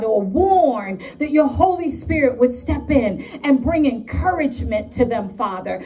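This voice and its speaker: A woman's voice: high voice, mellow, far from the mic. A woman with a New York accent preaching and praying at a conference, piling up emphatic repeated lines. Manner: fervent, repetitive emphatic lists. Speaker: conference speaker. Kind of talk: preaching and prayer. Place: conference hall.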